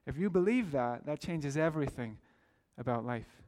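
A man's voice: mid-range voice, animated, normal speed, a little mellow. A man preaching a sermon as pastor, earnest and storytelling, building to emphatic exclamations.

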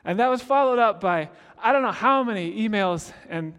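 A man preaching a sermon as pastor, expressive, swinging from loud to hushed. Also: high-pitched, moderate pace, smooth, long reverb tail.

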